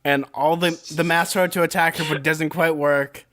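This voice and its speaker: A man's voice: fairly high pitch, fairly even intonation, moderate pace, fairly bright tone. A young man co-hosting a podcast, retelling a story in a rambling, jokey casual chat. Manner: rambling, jokey, many fillers. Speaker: podcast co-host.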